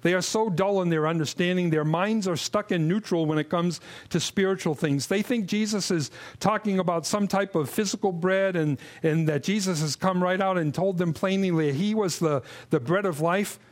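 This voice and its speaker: A man's voice: moderate pace, few pauses. A man preaching an earnest expository sermon, often restarting and repeating words as he teaches from a passage. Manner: drops low and quiet when mimicking grumbling.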